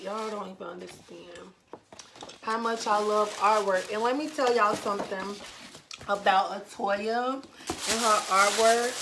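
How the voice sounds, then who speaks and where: A woman's voice: mid-range voice, noisy background. A woman vlogger, chatting emphatically to her viewers and tagging "okay?" onto her points. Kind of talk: casual unboxing chat to viewers.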